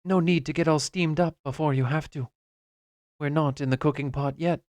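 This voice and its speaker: Male reader as an unruffled manservant, cool and soothing, smooth and slightly high. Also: fairly even intonation, normal speed, a little mellow, no echo, lightly acted. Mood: calm. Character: calm, composed male manservant.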